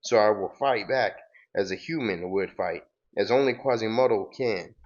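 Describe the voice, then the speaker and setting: A man's voice: fairly low pitch, moderate pace, lo-fi sound, lightly acted. A man voicing a grandiose, menacing male robot villain while reading a comic book aloud.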